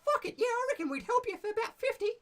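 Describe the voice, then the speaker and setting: A man voicing a crude, foul-mouthed male goblin bridge guard with a high, squeaky voice. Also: big pitch swings, rapid-fire, a bit bright, full character voice. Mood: gruff. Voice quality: high squeaky voice, coarse slangy swearing.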